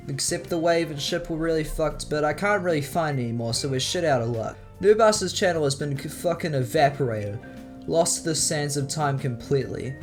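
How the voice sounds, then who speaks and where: A young man narrating scripted commentary in a sarcastic, profane way. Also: fairly high pitch. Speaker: video commentator.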